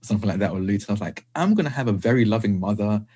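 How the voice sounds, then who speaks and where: Laughing young British man, husky voice. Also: on the low side, racing. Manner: laughs often between phrases, relaxed and chatty. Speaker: podcast guest. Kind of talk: casual chat.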